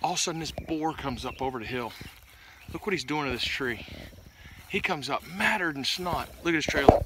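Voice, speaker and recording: A man tells a hunting story outdoors by a pig trap, animated and laughing, acting out the voices in it. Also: a little high, a little fast, background noise. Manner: animated, laughing, acts out voices in his stories. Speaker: pig hunter and vlog host. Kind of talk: casual storytelling to camera.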